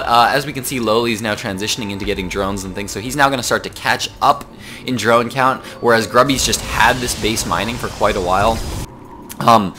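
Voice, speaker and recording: A young man doing solo play-by-play commentary on a video game match, talking fast with many fillers and a rough morning voice. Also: mid-range voice, sharp tone. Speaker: esports caster.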